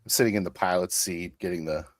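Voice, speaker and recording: A man playing a tabletop role-play in character, quietly and matter-of-factly describing his actions. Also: low-pitched, fairly even intonation, fast talker. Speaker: player.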